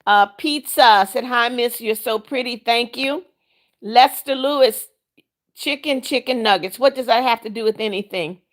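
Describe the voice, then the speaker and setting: Woman livestream host, middle-aged, slightly high voice, reads comments, greets viewers one by one, firm about rules. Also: normal speed. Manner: firm and scolding when enforcing rules; warm, religious greetings to viewers. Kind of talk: reading out live chat comments.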